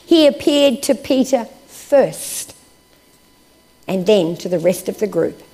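A woman delivering a sermon in a voice of middling pitch. She works through scripture passages with real expression, rising on key points and sinking to a near hush on sombre lines. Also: husky. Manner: expressive, swinging from raised emphasis to hushed, slow phrases. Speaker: preacher.

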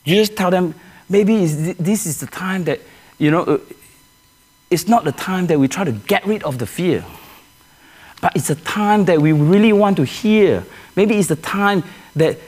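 Animated high-voiced preacher man. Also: normal speed. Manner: earnest, repeats and restarts phrases, asks the congregation questions. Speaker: pastor. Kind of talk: sermon.

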